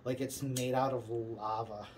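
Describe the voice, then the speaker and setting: A man's voice: mid-range voice, steady tone, measured pace, slight background noise, low-quality recording. A man talking casually as he leads a listener through an imagined scene, loose and rambling with lots of filler words. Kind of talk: guided visualization in casual chat.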